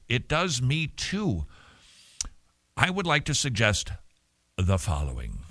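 A man's voice: mid-range voice, no echo. A man hosting a Christian radio talk show, answering listener mail in a chatty, joking way, speaking into a studio microphone. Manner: chatty, joking, animated, puts on silly voices. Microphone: studio microphone with cover.

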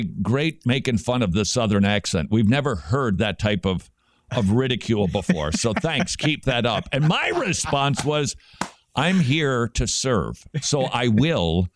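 Animated Minnesotan radio host man. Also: dry recording. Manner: animated, jokey, pitch jumps high when teasing. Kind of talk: talk radio commentary.

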